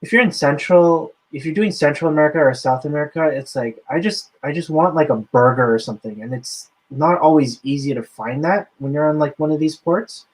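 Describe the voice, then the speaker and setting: A man's voice: a little high, a little fast, hardly any pauses, poor audio. A man hosting a podcast, talking loosely in a casual chat with lots of fillers. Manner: loose, filler-heavy talk. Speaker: podcast host.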